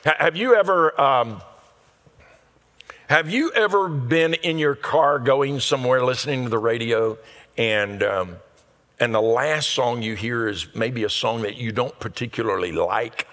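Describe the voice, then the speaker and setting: A male pastor delivering a sermon in an earnest preaching manner that builds to loud, emphatic peaks. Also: mid-range voice. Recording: long reverb of a large hall.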